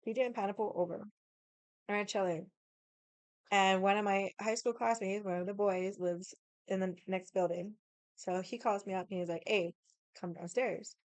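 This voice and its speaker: A woman's voice: medium pitch, steady tone, moderate pace, no room sound. Swearing young woman telling a story. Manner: swears freely, drifts into tangents; drinking while chatting. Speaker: vlogger. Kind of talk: casual storytelling. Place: at home.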